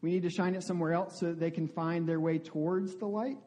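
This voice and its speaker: A man's voice: fairly high pitch, steady tone, quick pace, warm tone. A male pastor giving a conversational sermon, often asking the congregation questions. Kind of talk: interactive sermon.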